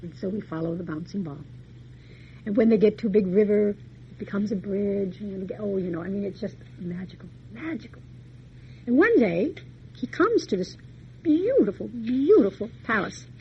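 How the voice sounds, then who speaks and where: A woman's voice: mid-range voice, animated, normal speed, highs cut off, slight background noise. A woman lecturer retelling a fairy tale in a folksy, chatty way, full of homey asides. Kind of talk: storytelling lecture.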